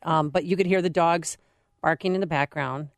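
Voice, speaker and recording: A woman's voice: low-pitched, moderate pace, no room sound. A woman hosting a talk radio show, telling a story and chatting with her co-host and callers. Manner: chatty storyteller, reads phone numbers.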